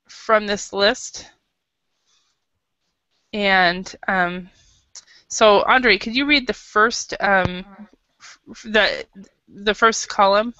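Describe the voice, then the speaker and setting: An American woman teaches an English class patiently and hesitantly, with lots of fillers and restarts. Her mid-range voice has a sharp tone, and the classroom recording is dull and lo-fi with no room sound.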